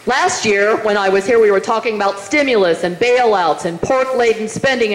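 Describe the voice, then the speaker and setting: A woman's voice: mid-range voice, moderate pace. A middle-aged woman giving a rousing, emphatic political rally speech in a meeting room, firing rhetorical questions at the crowd. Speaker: political speaker. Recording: roomy hall, faint noise.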